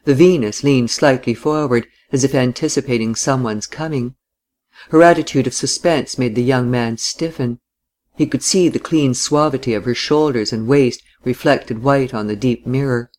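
A man narrating a classic novel in a measured, deliberate audiobook style. He reads steadily and with care, letting the long descriptive sentences unfold. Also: medium pitch, a little mellow.

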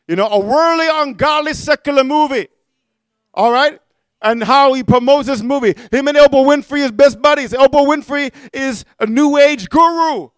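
High-voiced fiery male preacher. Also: no echo. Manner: fiery, repeatedly asks the congregation "amen?", shouts key words. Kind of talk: sermon.

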